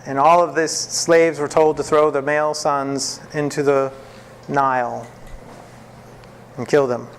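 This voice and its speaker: A man teaching a classroom Bible lesson, telling the story in a lively way, acting out the quotes and often laughing. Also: fairly high pitch, a little slow, long pauses, slight background noise.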